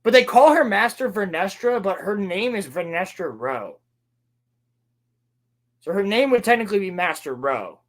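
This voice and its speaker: A man co-hosting a casual podcast, recapping a show sarcastically and mocking the characters in quick put-on lines. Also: high voice, expressive. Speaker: podcast co-host.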